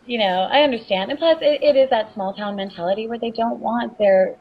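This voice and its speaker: A woman's voice: on the high side, brisk, slightly rough. Flirty, joking woman on a lo-fi call. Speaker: guest adult film performer and producer. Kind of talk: casual podcast chat. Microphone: video call.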